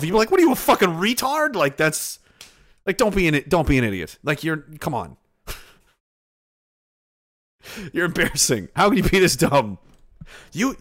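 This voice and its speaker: A man hosting a livestream, reading chat messages aloud and ranting in a loud, mocking, heavily profane way with frequent laughs. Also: on the high side. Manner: loud, mocking, swears constantly, laughs often. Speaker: streamer host reading chat.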